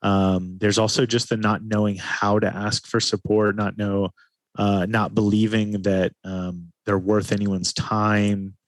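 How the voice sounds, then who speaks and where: A man, a guest in an interview, speaking in a calm, reflective way and often slowing his speech down. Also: fairly low pitch, no echo. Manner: calm, slows his speech to stress points. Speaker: podcast guest, men's retreat facilitator.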